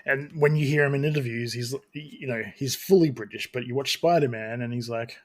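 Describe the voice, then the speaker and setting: A man's voice: medium pitch, brisk, a little mellow. Rambling casual male podcast host. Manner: rambling, many restarts and fillers. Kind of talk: casual chat.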